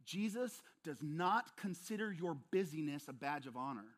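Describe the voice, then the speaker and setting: A man's voice: on the high side, expressive, normal speed. A male pastor preaching a sermon, emphatic and repetitive, often speaking straight to his listeners.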